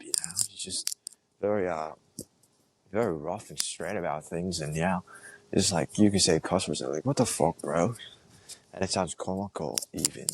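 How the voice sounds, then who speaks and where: A man's voice: low voice, noisy background. A young man hosting his own podcast, talking in a casual, rambling monologue that is laid-back and slangy, full of filler words. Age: young adult. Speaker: podcast host.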